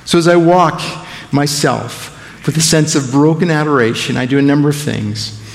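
A man preaching a sermon and praying over a congregation, swinging between loud emphatic lines and hushed, intimate phrases. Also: a little high, normal speed, gravelly, in a large hall. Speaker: guest preacher. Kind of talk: sermon and prayer. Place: church sanctuary.

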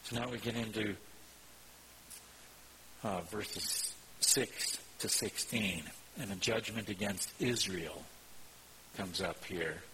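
A man preaching a sermon as pastor, teaching in an earnest, measured way and reading scripture aloud. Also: fairly low pitch, sharp tone, a little hiss or hum, poor audio.

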